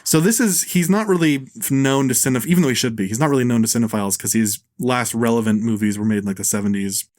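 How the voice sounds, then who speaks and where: A man hosting a casual film podcast, talking bluntly, swearing freely and tossing in quick impressions of actors. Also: medium pitch, a little mellow, no echo, studio quality. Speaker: podcast host. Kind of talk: casual film review chat.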